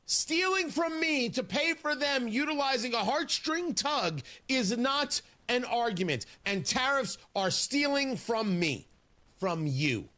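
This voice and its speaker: Talk radio guy, high bright voice, bounces all over, sarcastic and fired up. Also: big pitch swings, slow. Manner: indignant, sarcastic, emphatic. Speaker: radio talk show host. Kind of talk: opinionated talk radio monologue. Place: radio studio. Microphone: studio microphone.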